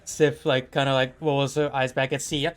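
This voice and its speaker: A man's voice: medium pitch, flat delivery, normal speed. A man narrating a tabletop game as game master, in a casual way full of "like" and laughter.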